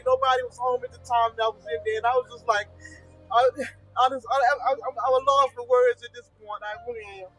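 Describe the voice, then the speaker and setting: Brief: grieving woman on the news, halting and repetitive, faint music under her. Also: on the high side, steady tone, a bit bright, poor audio. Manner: distraught, halting, repeats herself. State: grieving and angry. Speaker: grieving mother interviewed in news report. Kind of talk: emotional news interview.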